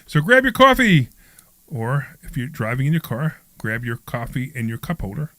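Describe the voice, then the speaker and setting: A man's voice: mid-range voice, sing-song, normal speed, a bit bright, no room sound. A man hosting a live radio talk show from a studio, reading an upbeat intro and then chatting loosely with his co-hosts. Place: studio at a training office.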